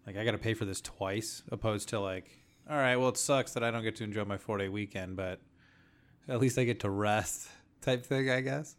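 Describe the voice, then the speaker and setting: A man's voice: fairly low pitch, brisk. A man in a casual chat, upbeat and talkative, peppering his talk with filler words. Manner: chatty, upbeat, lots of "like".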